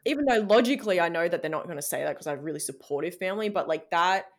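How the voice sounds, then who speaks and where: A woman's voice: lowish voice, lively intonation, rapid-fire. A woman podcast guest who coaches shadow work coaches, talking candidly in a casual interview, with plenty of "like" and the odd swear word.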